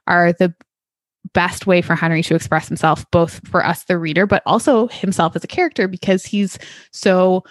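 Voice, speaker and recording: A woman's voice: on the low side, fairly even intonation, moderate pace, no room sound, studio quality. A woman in her thirties co-hosting a book podcast, talking enthusiastically about a favorite novel with lots of fillers. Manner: enthusiastic, gushing, many fillers. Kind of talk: casual book chat.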